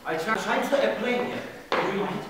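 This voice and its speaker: A woman's voice: fairly high pitch, normal speed, lightly acted. A woman playing a prim, preachy actress. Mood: patronizing. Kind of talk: amateur stage play. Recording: echoey hall from far off, noisy.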